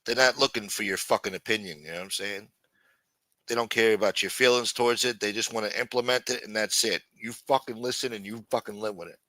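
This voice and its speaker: Forceful, profane male streamer. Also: lowish voice, fairly even intonation, quick pace, dry recording. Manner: profane, rambling, full of "you know". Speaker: livestream show host. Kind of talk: casual livestream chat.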